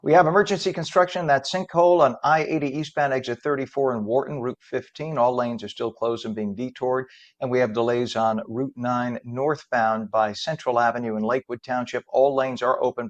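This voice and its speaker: A man hosting a live morning TV show, reading traffic and introducing guests in a brisk, jokey way. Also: mid-range voice, dull audio.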